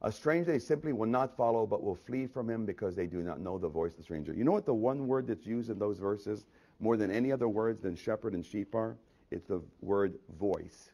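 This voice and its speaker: Dark-voiced male pastor preaching a sermon. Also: expressive, brisk, breathy edge. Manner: swells loud on scripture then drops low and quiet; repeats questions to the congregation. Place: church.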